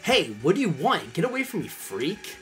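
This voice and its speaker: A man voicing a feisty, sharp-tongued young female adventurer in a game, defiant and scornful. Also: high voice, wildly swooping pitch, moderate pace, faint music behind, pitched above the performer's own voice, heavily acted.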